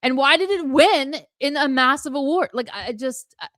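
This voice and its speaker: A woman's voice: high voice, animated, normal speed, a bit bright, no room sound. A woman co-hosting a casual livestream chat, rambling and emphatic, full of fillers and restarts, swearing casually. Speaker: podcast co-host.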